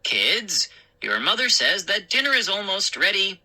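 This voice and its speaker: Woman voicing a jokey cheerful dad, slow, bright tone. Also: medium pitch, very animated, voice pushed up, heavily acted, poor audio. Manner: jokey, upbeat.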